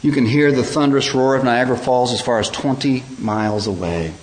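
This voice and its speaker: A man preaching a sermon, building from calm teaching to loud, high-pitched emphasis and then a hushed prayer. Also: fairly quick, low-quality recording. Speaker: pastor.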